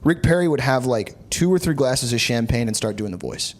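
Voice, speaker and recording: A man's voice: medium pitch, lively intonation, fairly quick. A young man hosting a podcast, telling rambling comic stories in casual chat with lots of fillers. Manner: rambling storyteller, many fillers and restarts. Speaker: podcast host.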